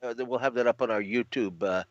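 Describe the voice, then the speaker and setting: A man's voice: mid-range voice, fast, no echo. A man hosting a radio show, asking a caller hesitant, stammering questions. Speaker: radio host. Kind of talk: interviewing a caller. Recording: dry lo-fi studio audio.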